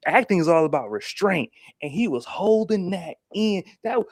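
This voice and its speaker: A man co-hosting a casual TV review discussion, animated and repeating himself as he makes his point. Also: sits high, moderate pace, no room sound, studio quality. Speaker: podcast co-host.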